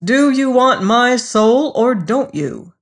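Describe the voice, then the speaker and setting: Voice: medium pitch, animated, a little slow, a bit bright. A narrator voicing a smug man who bargains with the devil, in a pushy, self-satisfied storybook reading.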